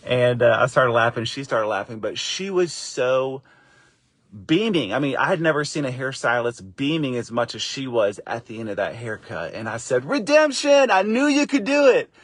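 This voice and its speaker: A middle-aged man tells a personal story straight to camera in a casual, animated way. He jumps up into a higher voice to act out the people he quotes, then settles into warm encouragement. His voice sits in a middle range, recorded dry and close. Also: moderate pace, no echo. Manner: encouraging, faith-based wrap-up. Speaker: father and faith vlogger.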